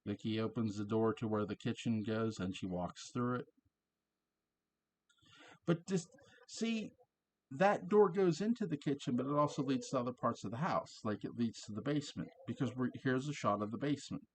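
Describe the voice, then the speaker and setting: Man reviewing an episode, mid-pitched and chatty, laughs easily as he walks through scenes. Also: normal speed, slight background noise. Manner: chatty, laughing, quotes lines in character. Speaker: show reviewer. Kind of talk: casual episode recap.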